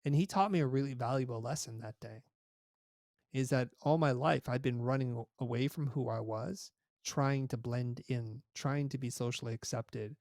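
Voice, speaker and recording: A middle-aged man recounts a personal story as a podcast guest, his medium-pitched voice reflective and unhurried. He acts out bits of remembered dialogue. The recording is close and dry, with no room echo. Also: darkish tone. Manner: reflective, anecdotal, retells dialogue. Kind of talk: interview storytelling.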